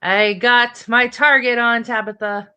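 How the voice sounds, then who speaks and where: A woman co-hosting a livestream, joking and bantering quickly. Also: on the high side, steady tone, bright, forceful tone, smooth, dull audio. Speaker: co-host. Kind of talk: casual chat.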